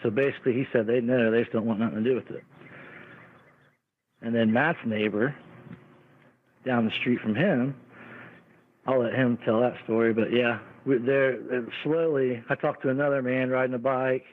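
A man's voice: mid-range voice, steady tone, normal speed, long pauses. A man casually telling a rambling story about his neighborhood, often quoting neighbors. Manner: rambling, restarts and quotes neighbors. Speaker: caller telling an encounter story. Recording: tinny phone line.

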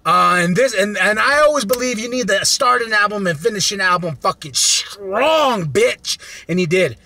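A man talks through an album in a loose, profane vlog. He gets excitable fast and breaks into loud rants. His high voice leaps all over the place, sharp and bright, in a dry, close recording. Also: creaky. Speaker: music review vlogger. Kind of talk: casual profane album review.

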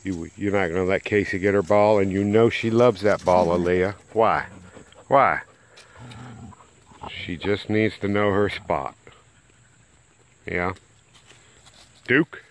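A man's voice: deep voice, slow pace, long pauses, slight background noise, low-quality recording. A man filming his dogs in a front yard, chatting and coaxing them with repeated calls, recorded on a handheld camera mic. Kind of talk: casual vlog narration. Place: front yard outdoors in the country.

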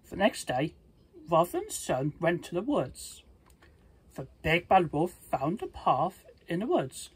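A channel host reading a children's storybook aloud, slowly and plainly, with frequent stumbles and restarts. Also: medium pitch, sing-song, husky, low-quality recording.

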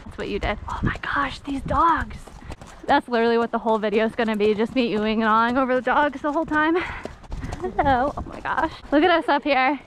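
Giggly high-voiced young woman on horseback. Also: steady tone, fast talker, slight background noise. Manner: giggly, chatty, teasing. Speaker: vlogger. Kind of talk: casual chat while riding. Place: outdoor horse trail, on horseback. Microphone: helmet or body-mounted action camera.

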